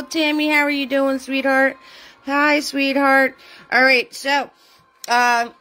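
A chatty woman hosts a live painting session, greeting viewers one by one with lots of fillers. Her voice sits a little high, and faint music plays behind her. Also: fairly bright tone. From New Jersey. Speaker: live painting class host. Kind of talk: casual live-stream chat.

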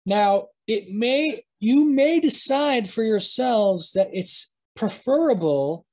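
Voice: mid-range voice, lively intonation, darkish tone, low-quality recording. A teacher giving a live online lesson, talking at a computer mic while screen-sharing and often stopping to correct themselves. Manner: halting, self-correcting, thinks aloud.

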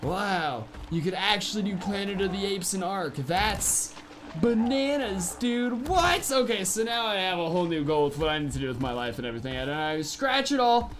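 A young man narrating his own game playthrough as a gaming host, excitable and goofy, rambling along and breaking into loud outbursts. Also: sits high, normal speed, slight background noise. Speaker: gaming YouTuber. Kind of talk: game commentary. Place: home gaming setup. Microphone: studio microphone.

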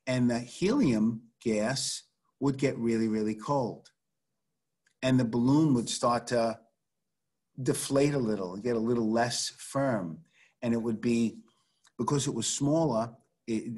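A man's voice: mid-range voice, a little mellow, husky. A middle-aged man, a chemistry teacher, giving an online class in a conversational, storytelling way over a video call.

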